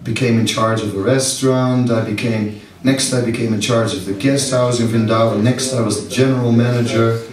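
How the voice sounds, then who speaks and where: A middle-aged monk giving a seminar talk, self-mocking and anecdotal, laughing often and rambling with fillers. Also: male voice, medium pitch, steady tone, a little fast, hardly any pauses. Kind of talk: spiritual talk to a live audience. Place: large seminar hall. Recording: echoey hall, distant mic, audience.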